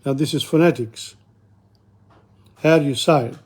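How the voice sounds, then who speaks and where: An older man teaching a casual language lesson, talking haltingly with many fillers and restarts and repeating words slowly. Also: mid-range voice, darkish tone, breathy edge.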